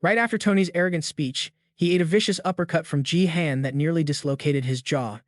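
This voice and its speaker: A man tells a comic recap in a brisk, slangy way. His voice sits a touch higher than most men's, recorded close and dry with no room sound. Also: dry recording. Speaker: recap narrator. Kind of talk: scripted recap narration.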